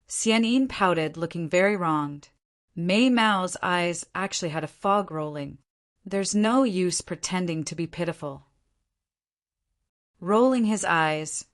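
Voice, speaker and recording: A woman narrates a fantasy novel audiobook in a steady read-aloud manner. Her voice sits a little low for a woman. The reading is even and scripted throughout.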